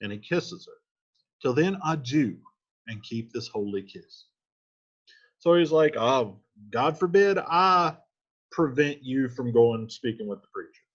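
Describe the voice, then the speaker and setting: A man's voice: mid-range voice, lively intonation, a little slow, pauses often, lo-fi sound. A man reading lines from a play aloud and then restating each one in casual, slangy modern speech as a teacher. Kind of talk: casual line-by-line play explanation.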